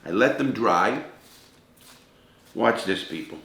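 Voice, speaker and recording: A man's voice: fairly low pitch, lively intonation, slow pace, a bit bright. Chatty man hosting a cooking demo. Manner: chatty, talks straight to viewers as "people" and "guys". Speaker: cooking show host. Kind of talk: casual cooking demonstration. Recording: echoey room.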